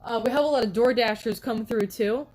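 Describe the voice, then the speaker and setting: A woman's voice: a little high, a little fast, darkish tone, rough recording. A woman streamer chatting casually with her viewers, laughing often and answering chat.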